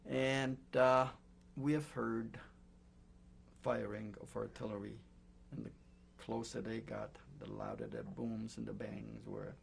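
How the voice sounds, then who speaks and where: An older man gives testimony in a slow, heavily gravelly voice that sits a little low. He talks haltingly, with many pauses and fillers. A faint hum runs under the recording. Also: animated. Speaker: Holocaust survivor giving testimony. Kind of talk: oral history testimony.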